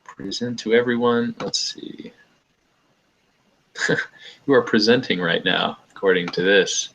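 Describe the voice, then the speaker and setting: A young man talks loosely over a video call, his voice sitting a bit low. He rambles in a relaxed way, stringing thoughts together with lots of "like," and laughs easily between points. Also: measured pace, gravelly. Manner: laid-back, rambling, says "like" often, laughs easily. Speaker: host. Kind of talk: casual video call chat.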